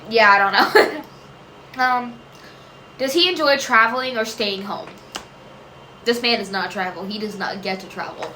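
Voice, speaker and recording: A woman's voice: fairly high pitch, a little slow, long pauses, pushed and bright. A woman vlogger answering viewer questions in casual chat, rambling, often trailing off with fillers and "I don't know". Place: home room. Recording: echoey room with faint noise.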